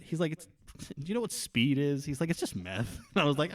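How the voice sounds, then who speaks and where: A man's voice: medium pitch, big pitch swings, fast talker, creaky. A young man co-hosting a podcast, chatting casually in a rambling way full of "like" fillers. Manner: rambling, filler-heavy, laughs at own jokes. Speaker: podcast co-host. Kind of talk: casual chat.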